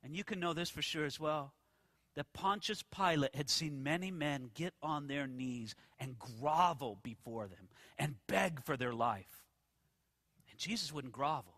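A man preaching a sermon, telling the story with animated questions to his listeners. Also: a little high, dry recording. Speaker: pastor.

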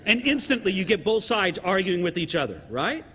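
A man preaching a sermon to his congregation in an animated way, often checking in with the listeners by asking "right?". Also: high voice, normal speed, breathy edge, long reverb tail. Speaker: pastor.

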